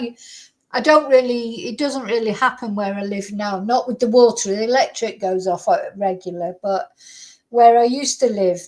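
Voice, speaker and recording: Casting: woman host, slightly high voice, chatty and rambling. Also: darkish tone, low-quality recording. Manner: rambling, chatty, thinks aloud. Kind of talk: casual livestream chat.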